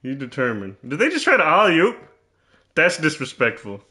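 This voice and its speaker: A man's voice: a little high, huge pitch swings, moderate pace, pushed and bright. A man commentating his own basketball video game, teasing and trash-talking in a mock-serious way and often repeating himself.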